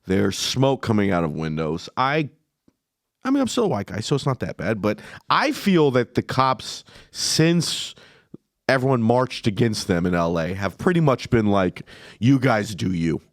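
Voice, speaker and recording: A man talking loosely on a podcast, his pitch swinging widely as he rambles through crude jokes and half-finished sentences. The sound is dry and close to the mic. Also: sing-song, a little slow, no room sound. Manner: rambling, crude, many restarts. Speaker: podcast co-host. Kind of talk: casual comedic banter.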